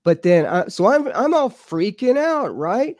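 Guy rambling excitedly about his ghost stuff, kinda high voice, dry close sound. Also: unhurried, no echo. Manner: excitable, rambling, repeats himself. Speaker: podcast guest, paranormal researcher. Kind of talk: animated storytelling. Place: home studio.

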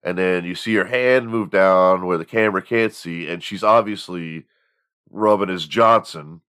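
A man's voice: low-pitched, measured pace, fairly bright tone, clean tone. A man in his forties hosting a show, telling stories in a casual, profane, rambling monologue with frequent laughter. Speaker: podcast host.

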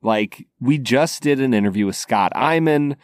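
Man, easygoing podcast co-host, lively voice, dry close mic. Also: medium pitch, moderate pace, dry recording. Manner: easygoing, laughs often. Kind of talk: casual chat about films.

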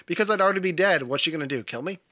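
A man's voice: high-pitched, animated, very fast, bright, forceful tone, dry recording. A married man co-hosting a podcast, chatting casually and teasing his friends. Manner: teasing, jokey. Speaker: podcast co-host. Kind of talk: casual chat.

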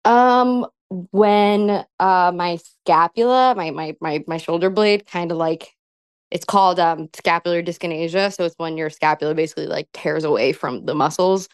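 Speaking at a moderate pace with a fairly low, clean voice, a young female pro wrestler chats casually during an interview, giggling and filling her talk with "like." There's no room sound.

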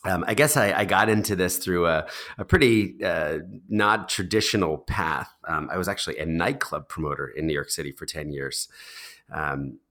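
Very deep-voiced man in his thirties. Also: normal speed, a bit bright. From United States. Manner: thoughtful, with frequent ums, uhs and restarts. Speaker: interview guest. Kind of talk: conversational storytelling. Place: New York City.

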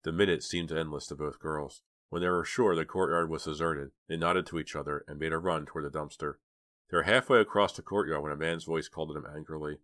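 Deep-voiced man reading a story. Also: steady tone, quick pace, fairly bright tone, dry recording, clean studio sound. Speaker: audiobook reader. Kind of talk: audiobook narration.

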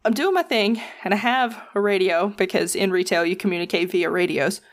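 A woman in casual chat, telling a work story in an expressive way and swearing casually. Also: mid-range voice, brisk.

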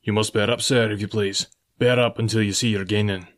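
A man's voice: on the low side, fairly even intonation, brisk, fairly bright tone, lightly acted. A man reading a stern sea captain. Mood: steady. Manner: clipped, commanding orders. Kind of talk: audiobook dialogue reading.

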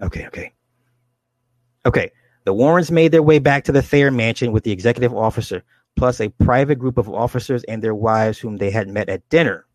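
A man reading a book aloud and adding his own commentary, with halting restarts and asides to his listeners. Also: mid-range voice, a little mellow, dry recording. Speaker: reader and commentator.

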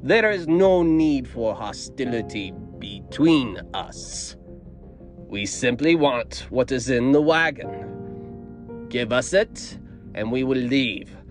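A man voicing a sinister burnt cult leader, speaking slowly and threateningly in a put-on strong Russian accent. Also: mid-range voice, lively intonation, soft background music. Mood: menacing.

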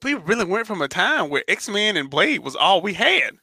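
A man's voice: high-pitched, sing-song, moderate pace, pushed and bright, breathy edge, dry recording. A man co-hosting a podcast in casual chat, talking loosely and profanely. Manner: casual, profane, riffing on movies. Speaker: podcast co-host.

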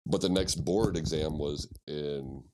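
A man's voice: very deep voice, unhurried, noisy background. A man from Missouri, a podcast guest, telling casual stories full of swearing and acted-out quotes. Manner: profane, animated anecdotes with acted-out quotes. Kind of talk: casual storytelling.

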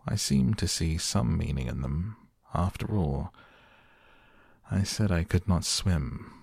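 A man's voice: low voice, animated, slow pace, creaky, darkish tone, slightly rough, no room sound, full character voice. A man reading the part of a fussy, self-important old king who mutters as he reasons. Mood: pompous musing. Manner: muttering, pleased with his own reasoning.

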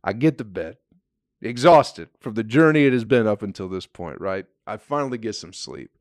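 A man's voice: fairly low pitch, animated, normal speed, dry recording, studio quality. A young man casually telling a story, laid-back, swearing freely and laughing often.

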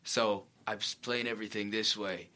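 An actor guest on a casual talk show tells stories in a rambling way, correcting himself as he goes during the interview chat. His voice is fairly low, flat and sharp, at normal speed.

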